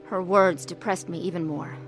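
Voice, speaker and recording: A woman's voice: fairly low pitch, steady tone, normal speed, natural voice. Brief: actress as a troubled middle-aged woman, earnest narration, faint music behind. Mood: somber. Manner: earnest, emotional. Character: troubled woman telling her own story. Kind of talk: radio drama narration and acting.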